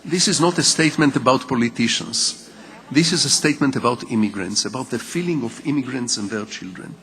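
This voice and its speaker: An older Israeli man with a Hebrew mother tongue, giving a public lecture in measured storytelling with rhetorical repetition. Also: medium pitch, fairly bright tone, long reverb tail. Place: large lecture hall.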